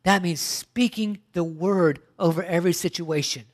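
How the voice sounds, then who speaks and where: A man's voice: high voice, moderate pace. Middle-aged man, pastor preaching, emphatic, rhetorical questions, stop-and-start phrasing. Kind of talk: sermon.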